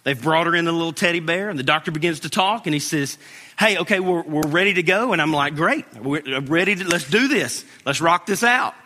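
A man's voice: fairly high pitch, animated, a little fast, few pauses, sharp tone. A man preaching a sermon as pastor, earnest and storytelling, building to emphatic peaks. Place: church sanctuary. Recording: long reverb in a large hall.

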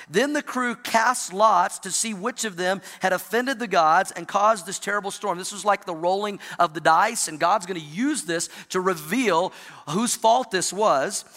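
High-voiced preacher in a reverberant church. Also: male voice, measured pace. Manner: dynamic preaching, drops low and quiet for emphasis. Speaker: pastor. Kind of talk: sermon. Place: church sanctuary.

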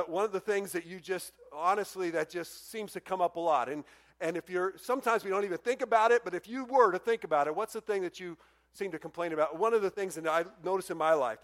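A man preaching a sermon, acting out quoted complaints in a raised, animated voice. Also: high voice, brisk. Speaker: pastor.

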